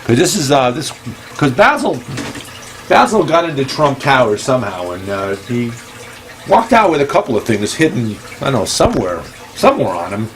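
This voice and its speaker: A man with a middle-pitched voice hosts a loose, joking monologue. He stumbles through ums and restarts, keeps a playful deadpan, and now and then jumps into a high-pitched exclamation. Faint background noise and running water sit behind him. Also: moderate pace. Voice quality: hesitant, full of ums and restarts. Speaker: host. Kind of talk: casual rambling comedy monologue.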